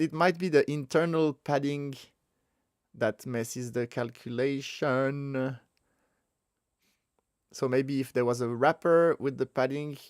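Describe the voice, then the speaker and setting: A man's voice: medium pitch, no echo, clean studio sound. Man thinking aloud through code. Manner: thinking aloud, self-correcting, chuckles at own mistakes. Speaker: web developer teaching a coding tutorial. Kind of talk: casual screencast coding walkthrough.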